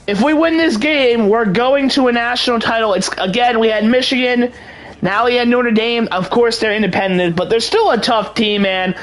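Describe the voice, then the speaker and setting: A young man giving excited play-by-play commentary over a video game in a hyped, mock sports-announcer manner. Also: extremely high pitch, moderate pace, low-quality recording. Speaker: gaming channel host.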